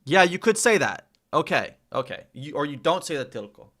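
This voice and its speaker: A young man learning a language in a casual lesson, hesitant, repeating phrases slowly as he practices. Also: on the high side, very animated, a bit bright.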